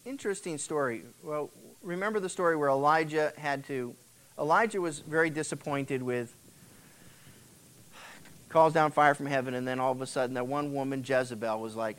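A man's voice: medium pitch, fairly quick, fairly bright tone. A male pastor giving a casual, conversational sermon, retelling Bible stories and acting out the characters' words. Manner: acts out the characters' words in quotes.

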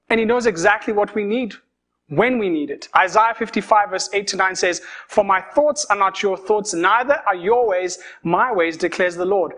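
Bright, high-voiced young male preacher. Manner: storytelling, conversational and lively. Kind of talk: sermon.

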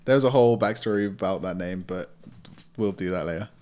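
A man running a tabletop roleplaying game, narrating scenes and reading out rules. He has a low voice and speaks slowly, hesitating as he picks his words. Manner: halting, many fillers and restarts. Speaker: game master.

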